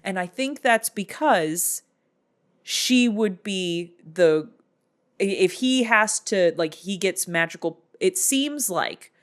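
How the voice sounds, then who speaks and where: A woman hosting a casual movie recap, telling the plot in a lively way and acting out the characters. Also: medium pitch, slow. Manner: animated storytelling that acts out characters. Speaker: film recap host.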